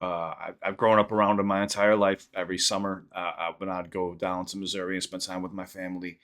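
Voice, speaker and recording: A man hosting a reaction channel, rambling through a story and quick sign-off plugs in casual chat. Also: deep voice, level tone, fairly bright tone.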